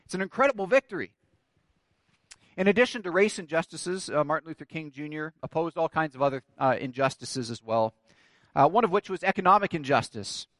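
A man's voice: a little high, expressive, fairly quick, fairly bright tone, no echo. Emphatic man preaching a sermon. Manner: storytelling, building to emphatic declarations. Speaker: pastor.

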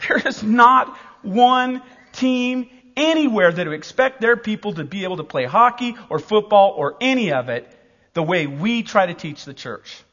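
Animated, high-voiced male preacher. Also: normal speed, long reverb tail, lo-fi sound. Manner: animated, emphatic, joking. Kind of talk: sermon.

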